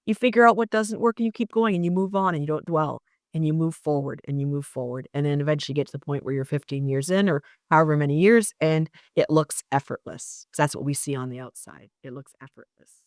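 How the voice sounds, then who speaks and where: Encouraging woman in her fifties with a lowish voice. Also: fast talker, few pauses, dry recording, clean studio sound. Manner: encouraging, emphatic, motivational. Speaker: podcast co-host, artist. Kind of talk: casual chat.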